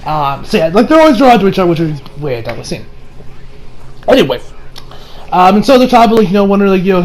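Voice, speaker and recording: Rambling high-voiced man recapping anime. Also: very animated, fast, a little mellow, slight background noise, poor audio. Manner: rambling, full of "like" and "you know" fillers. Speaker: anime reviewer. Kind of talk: casual episode recap.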